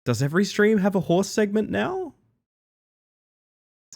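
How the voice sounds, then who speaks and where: A man live-streaming, chatting with his viewers in a playful, excitable way. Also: a little high, normal speed, long pauses. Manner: playful, excitable, talks to chat. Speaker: livestreamer. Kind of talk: casual live-stream chat.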